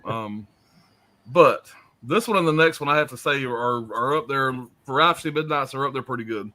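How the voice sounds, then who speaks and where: A man's voice: medium pitch, normal speed, bright, forceful tone. A man co-hosting a casual movie podcast, swearing casually as he talks. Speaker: podcast co-host.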